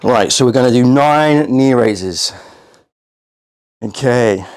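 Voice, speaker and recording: A man's voice: mid-range voice, takes it slowly, darkish tone, smooth. Winded man coaching a home workout. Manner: counting reps aloud, encouraging. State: out of breath. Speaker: fitness coach.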